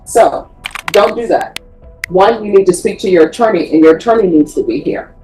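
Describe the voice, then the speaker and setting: Stern woman judge presiding in court, firm and lecturing, mid-pitched voice. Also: normal speed, warm tone, faint music behind, low-quality recording. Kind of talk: courtroom proceedings.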